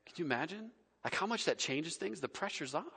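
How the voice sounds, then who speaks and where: A man preaching a casual, conversational sermon, swinging between loud emphasis and quiet, soft passages. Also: fairly high pitch, animated, brisk, creaky, husky. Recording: long reverb of a large hall.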